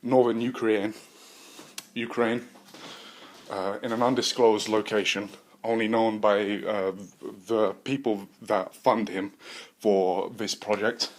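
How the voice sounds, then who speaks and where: A man's voice: fairly low pitch, fairly even intonation, takes it slowly, a little hiss or hum. A man hosting a podcast, improvising a comic story in a rambling, profane way. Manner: rambling, profane, many fillers and restarts. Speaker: podcast host.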